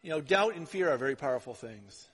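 A male pastor delivers a conversational sermon, tossing "right?" to the congregation as he goes. His voice sits high and sounds bright and forceful. The sound carries a long reverb from a large hall. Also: animated, fast, husky. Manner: chatty, keeps asking the congregation "right?".

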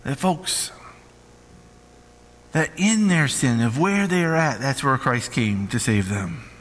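A man's voice: medium pitch, animated, takes it slowly, fairly bright tone, in a large hall, poor audio. A man preaching a sermon with emphatic call-and-response questions to the congregation.

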